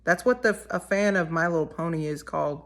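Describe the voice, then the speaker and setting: Rambling teenage girl, slightly low voice. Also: a little fast. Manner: rambling, self-correcting, chatty. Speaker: singer-songwriter guest. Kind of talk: casual chat.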